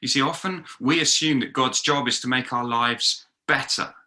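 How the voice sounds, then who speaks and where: Bright-voiced man preaching a lively sermon. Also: medium pitch, normal speed. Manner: lively storytelling with acted-out quotes. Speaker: pastor. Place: talk recorded for an online gathering.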